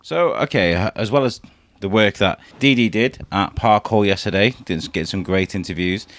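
A man's voice: fairly low pitch, normal speed. A man hosting a casual chat with his young son, teasing and encouraging him and chuckling often. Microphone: handheld microphone passed to child.

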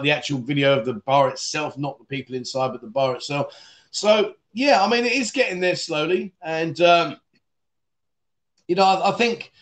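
Talkative male streamer, a bit high-pitched, laughs a lot, loose and rambling. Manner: rambling, chatty, laughs often, calls viewers mate. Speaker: livestream host reading viewer comments. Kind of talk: casual livestream chat. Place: Pattaya, Thailand.

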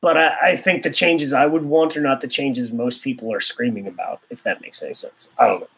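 A man's voice: medium pitch, a little fast, fairly bright tone. A man co-hosting a casual podcast, rambling and opinionated with a joking edge. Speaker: podcast co-host.

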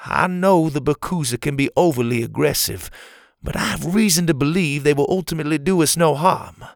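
A stern older camp leader, voiced by a man, his voice pitched well above the narrator's own and still gravelly. He speaks in an earnest, pleading way in a dry, close storybook reading. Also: brisk, no room sound. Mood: reassuring.

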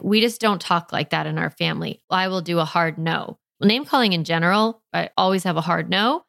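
Calm woman coaching parents, dry sound. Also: medium pitch, no room sound. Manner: calm, coaching tone with brief acted parent lines. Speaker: parenting podcast host. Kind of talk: instructive podcast talk.

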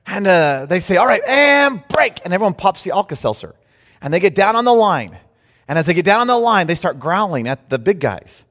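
Male pastor, high and very expressive, echoing in a large sanctuary. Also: brisk. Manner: animated storytelling with shifting volume and pace. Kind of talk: sermon. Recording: reverberant hall.

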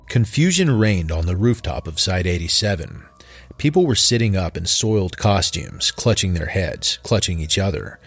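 A man narrating a dark horror story in a measured, deliberate way. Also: low-pitched, slightly rough.

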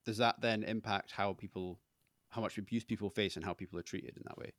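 Low-voiced male podcast host, dry sound. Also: fairly even intonation, fairly quick, a bit bright, dry recording. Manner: casual, rambling questions with many fillers. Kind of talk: podcast interview.

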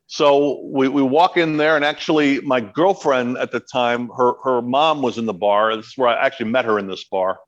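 Middle-aged man, podcast guest, lively storytelling, acts out voices, mid-pitched. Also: brisk, highs cut off. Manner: animated storyteller, acts out quotes. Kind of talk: storytelling in casual chat.

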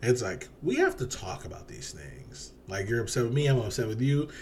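A man's voice: mid-range voice, very animated, a little fast, a little hiss or hum. A man in casual conversation, talking bluntly with strong opinions and casual swearing. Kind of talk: casual chat.

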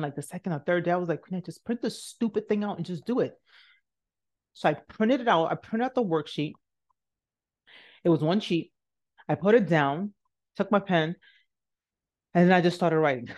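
A woman's voice: lowish voice, a little mellow. A woman podcast host telling an emotional personal story in an earnest, repetitive way.

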